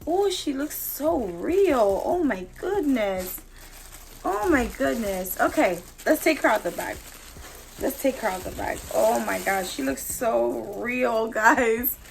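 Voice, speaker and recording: High-voiced gushing woman unboxing a doll. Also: slow, gravelly, slight background noise, rough recording. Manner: gushing, excitable, repeats exclamations. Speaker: doll collector vlogger. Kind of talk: casual unboxing vlog.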